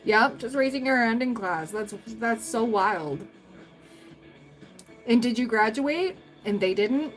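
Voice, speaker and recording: A woman's voice: on the high side, animated, slow, soft background music, poor audio. A young adult woman hosting a tarot livestream, chatting casually with viewers, rambling through stories and laughing often.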